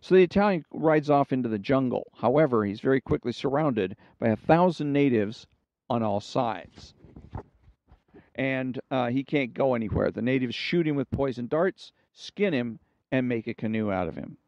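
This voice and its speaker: A man hosting a storytelling show, telling jokes and anecdotes in a relaxed, conversational way. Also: mid-range voice, normal speed, dry recording. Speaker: storyteller host. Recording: dull, dry recording.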